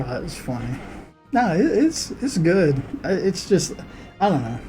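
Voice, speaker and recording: A male streamer talks casually and rambles through stories, breaking into laughter often. His voice sits a little high for a man but has a mellow, dark tone. Faint music plays behind him. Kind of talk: casual chat while working on art.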